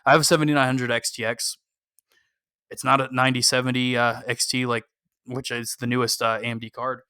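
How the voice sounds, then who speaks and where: Bright, clear-voiced man on a podcast. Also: medium pitch, level tone, brisk, dry recording, studio quality. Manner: frequent "um" fillers, cautious and opinionated. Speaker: podcast co-host. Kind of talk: casual podcast discussion.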